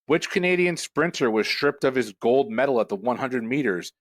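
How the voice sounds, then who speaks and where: A man hosting a pub trivia quiz, reading questions in a brisk, matter-of-fact way and bantering with the players. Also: mid-range voice, expressive, no echo.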